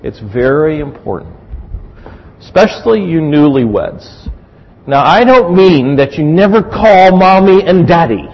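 Man preaching, husky high voice, very lively pitch, long reverb, dull lo-fi sound. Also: a little slow. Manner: animated storytelling, acts out voices. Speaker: pastor. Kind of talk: sermon.

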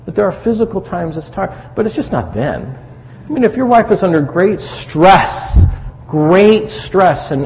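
A middle-aged man preaches in an animated, chatty way, asking the congregation questions as he goes. His voice sits fairly high with a gravelly edge. It is a dull, lo-fi recording with a long reverb from a large hall and faint noise underneath. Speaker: pastor. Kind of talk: sermon on marriage.

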